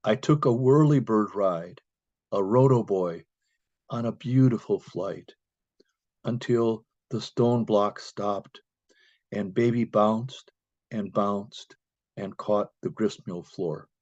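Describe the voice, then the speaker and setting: A man reading his own poem slowly and deliberately at an open mic. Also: lowish voice, darkish tone, no echo. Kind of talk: poetry reading. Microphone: video call. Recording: dull lo-fi video call audio.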